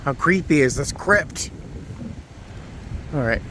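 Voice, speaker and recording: This man's voice is a little high and sharp, slow but lively in intonation. Shivering and worn out in a windy churchyard, he narrates a casual vlog outdoors, chatting away and exclaiming.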